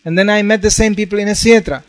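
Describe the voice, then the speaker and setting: A man's voice: sits high, fairly even intonation, fast, faint music behind. Storytelling man preaching a sermon. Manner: storytelling with acted-out quotes, frequent "you know". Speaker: monk preacher.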